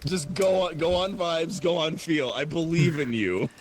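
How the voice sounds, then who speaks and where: A man's voice: on the high side, measured pace. A man chatting casually, joking, teasing and swearing while playing a game. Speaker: player in a social deduction game. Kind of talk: casual chat.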